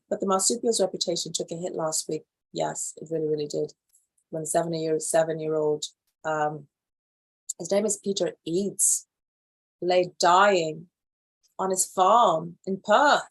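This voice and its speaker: A young woman hosts a casual live animal news show with a husky, slightly breathy voice. She reads stories aloud and comments on them in an animated way. She swings between loud, excited bursts and quiet muttered asides. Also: mid-range voice. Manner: animated, reacts loudly then drops to quiet asides.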